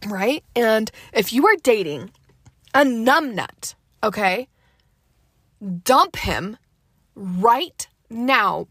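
A young woman hosting a casual solo podcast, chatty and animated, veering into fired-up rants. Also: on the high side, no room sound, studio quality. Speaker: podcast host.

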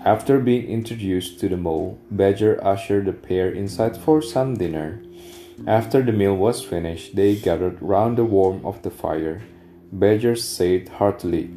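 A man reading a storybook aloud to his child, unhurried and gentle, pausing now and then to chat. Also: low-pitched, soft background music.

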